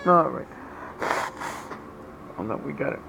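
A man talking to his pet cat in a casual home video, switching between everyday muttering and high sing-song baby talk. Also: lively intonation, measured pace, vocal fry, very noisy. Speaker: cat owner. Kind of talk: casual talk to a pet while doing chores. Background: cat meowing.

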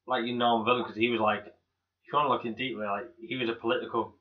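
A man's voice: mid-range voice, steady tone, fast, a crowd in the background. A man co-hosting a casual film podcast, rambling with lots of fillers and restarts and swearing freely. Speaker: podcast co-host. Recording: dull lo-fi podcast audio.

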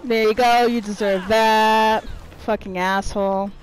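A woman's voice: a little high, fairly even intonation, a little slow, faint music behind, poor audio. A woman giving profane, irritated live commentary while playing a video game, trash-talking her opponents. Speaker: gameplay streamer.

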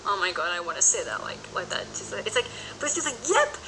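A woman voice actor rambling excitedly and dramatically between recording takes. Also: mid-range voice, fast talker, slight background noise, rough recording. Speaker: amateur voice actor. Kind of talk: recording session outtakes.

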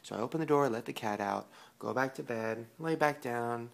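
Gravelly-voiced man telling a story. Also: mid-range voice, moderate pace. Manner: animated, profane, laughing storyteller. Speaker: vlogger. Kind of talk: casual storytelling to camera.

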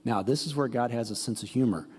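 Husky-voiced male pastor preaching. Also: mid-range voice, fast talker, a little mellow, long reverb tail. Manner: emphatic, blunt, conversational preaching. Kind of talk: sermon. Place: church sanctuary.

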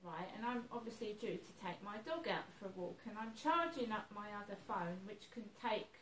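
A woman's voice: medium pitch, animated, moderate pace, fairly bright tone. A woman vlogging in a worried, hesitant way, often repeating herself. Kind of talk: anxious personal vlog. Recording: echoey room, voice a bit far from mic, faint noise.

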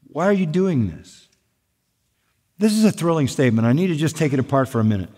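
Man, pastor, sermon, emphatic, slows for stress, slightly high voice, long hall reverb. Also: animated. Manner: emphatic preaching, slows down for weight.

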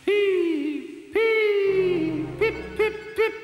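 A man voicing a small male engine who pretends to be a ghost, wailing high and eerie. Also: drawn-out words, reverberant, soft background music, exaggerated voice. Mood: ghostly wailing.

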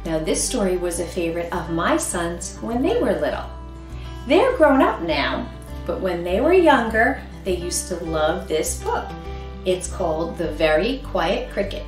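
A middle-aged woman leading a toddler storytime at the library, talking in a slow, deliberate, sing-song way as she reads aloud. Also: lowish voice, big pitch swings, far from the mic, music in the background. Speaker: children's librarian. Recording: roomy echo.

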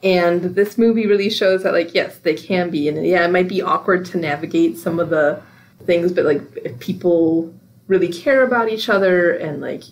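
A woman's voice: on the low side, moderate pace, a little hiss or hum. A young woman co-hosting a podcast, talking casually about a film with lots of "like" and "you know". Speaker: podcast co-host. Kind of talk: casual chat about films.

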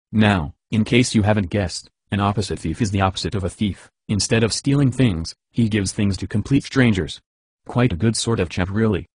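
A man reading a silly bedtime story in an even, deadpan way. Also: lowish voice, breathy edge, no room sound.

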